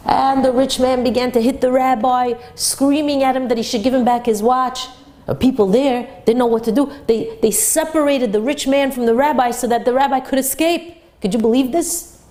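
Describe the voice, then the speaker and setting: Animated woman telling a Torah story. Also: high-pitched, moderate pace. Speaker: Torah teacher.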